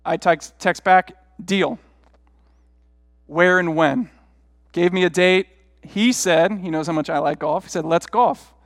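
A man's voice: high voice, unhurried, pauses often, dry recording, studio quality, big-room sound. A middle-aged man, a pastor, preaching a sermon through rambling, self-deprecating personal stories in a conversational way.

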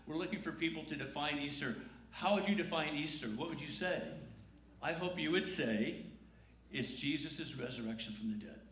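Bright-voiced joking pastor in echoey church. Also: male voice, a little high, moderate pace. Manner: conversational and joking, with call-and-response. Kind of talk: Easter sermon. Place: large church sanctuary. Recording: echoey church room with faint noise.

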